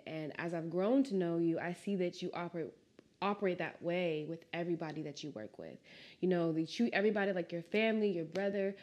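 A woman hosting a casual interview, talking with lively, emotional bursts. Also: on the low side. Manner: warm, emotional, animated bursts. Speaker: podcast host.

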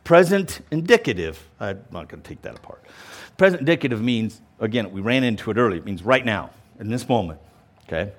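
With a fairly low voice and a fairly quick pace, a male pastor delivers a verse-by-verse Bible teaching. He explains emphatically and animatedly, repeating points, adding casual asides and frequently starting over.

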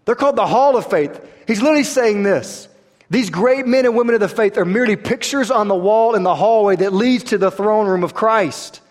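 A man, preaching a sermon that swings between quiet, intense stretches and rising emphasis. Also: high-pitched, fairly quick, big-room sound. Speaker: pastor.

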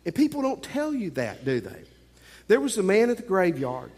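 A man's voice: sits high, huge pitch swings, moderate pace, darkish tone, husky. A man preaching a sermon as a pastor, emphatic and playful, with joking asides. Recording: long hall reverb.

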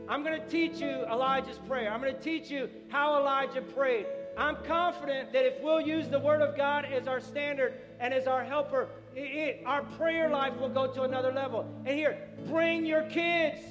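A man preaching a sermon as pastor, animated, acting out the people in the story. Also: extremely high pitch. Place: church sanctuary. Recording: echoey hall with music.

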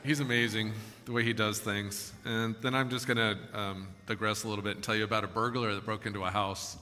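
A man preaching a sermon, telling a story with animated asides and reading scripture. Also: on the low side, fairly quick. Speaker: pastor. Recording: echoey hall.

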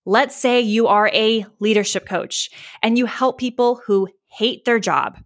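A woman hosting her own marketing podcast, talking casually and candidly. She sounds chatty and relaxed, drops the odd swear word, and acts out client reactions as she explains. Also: fairly high pitch, unhurried. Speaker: podcast host, marketing coach. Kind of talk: casual solo podcast teaching.

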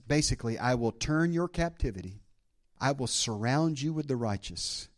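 A man preaching a sermon as pastor to a church congregation, emphatic, dropping in amens and calls of praise. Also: mid-range voice.

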